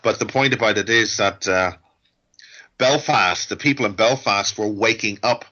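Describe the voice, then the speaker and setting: A middle-aged man with a low, forceful voice holds forth as a guest, rambling from point to point with wry jokes. His audio is dull and lo-fi, as if it came over a call. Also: moderate pace. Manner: ranting, digressive, wry. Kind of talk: rambling interview talk.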